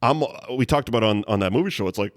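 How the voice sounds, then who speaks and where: A man in casual chat as a podcast guest, telling animated stories and acting out his own reactions. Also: on the low side, fast.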